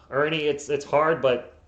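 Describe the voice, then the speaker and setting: A man giving live play-by-play as a fan streamer, openly partisan and bursting into frustrated yelling at the players. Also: on the high side. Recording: echoey, dull lo-fi home mic.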